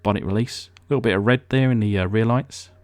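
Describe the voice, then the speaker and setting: A man's voice: on the low side, quick pace, a little mellow. A man from England hosting a casual hobby vlog, chatty and rambling, with lots of ums and uhs. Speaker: diecast restoration channel host.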